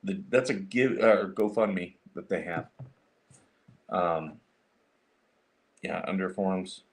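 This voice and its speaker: A man with a fairly low voice hosts a casual livestream, chatting as he works through things on his computer. He rambles with lots of fillers and restarts, thinking out loud as he goes. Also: takes it slowly. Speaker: livestream host.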